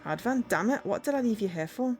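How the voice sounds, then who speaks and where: A woman's voice: on the high side, expressive, brisk, faint music behind, pitched above the performer's own voice. A woman voicing an authoritative male investigator who speaks in a stern, commanding way.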